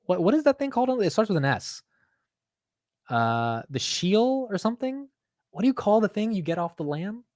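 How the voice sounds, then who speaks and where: A man's voice: high voice, big pitch swings, moderate pace, darkish tone, no room sound, studio quality. A young man hosting a casual stock market livestream, chatting loosely, swearing and laughing at himself while reading chat aloud.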